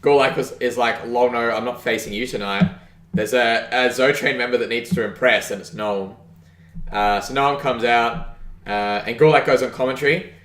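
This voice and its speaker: A man's voice: medium pitch, moderate pace, fairly bright tone, echoey room. A man co-hosting a podcast, rambling through a casual wrestling recap with lots of fillers and real enthusiasm. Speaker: podcast co-host.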